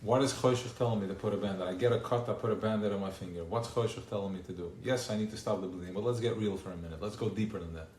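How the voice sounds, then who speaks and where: A man's voice: lowish voice, very fast, few pauses. Man preaching in an echoey room. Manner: animated, preaching with rhetorical questions. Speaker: speaker at a gathering. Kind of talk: informal religious talk. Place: gathering hall. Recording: echoey live room, faint noise.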